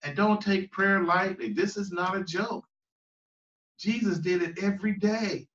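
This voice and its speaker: A man with a high, bright, forceful voice preaches to a choir Bible study, plain-spoken and emphatic, repeating his key points. He stands back from the mic in a roomy, echoey church, and the recording sounds a little dull. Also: unhurried, far from the mic, a little hiss or hum. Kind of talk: conversational preaching.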